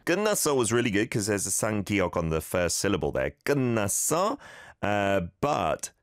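A man with a deep, low voice hosts a casual radio language lesson from a studio. His pitch swings widely as he corrects pronunciation, repeating each example. The recording is dry and close. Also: lively intonation, fast, no echo. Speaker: radio host teaching Korean.

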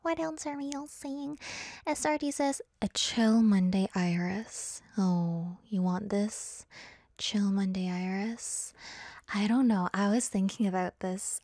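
A woman's voice: mid-range voice, darkish tone, no room sound, studio quality. A young woman casually chatting on a live stream, reading viewer comments aloud and shifting her voice playfully as she talks. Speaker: livestream host.

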